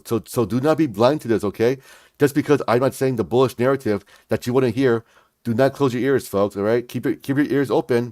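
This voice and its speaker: A man's voice: medium pitch, a little mellow, dry recording, studio quality. A man hosting a livestream, giving hyped market commentary in a pumped, repetitive way, with constant check-ins to his viewers. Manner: pumped, repetitive, keeps saying "folks, all right?". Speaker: livestream host.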